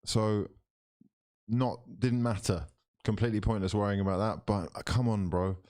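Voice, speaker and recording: A man doing live commentary for his football watchalong stream, switching between mock commentator patter and loud, excited outbursts. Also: fairly low pitch, normal speed, dry recording, clean studio sound.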